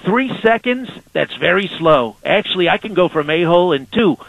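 A man's voice: high voice, expressive, normal speed, vocal fry, no echo, narrow, tinny audio. A man doing a comedic impression of a boastful president who talks in repetitive superlatives. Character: boastful, brash male president, joking and self-assured. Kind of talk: comedy radio sketch.

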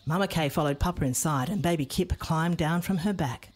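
A woman reading a children's storybook aloud in an expressive, playful way. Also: sits low, brisk.

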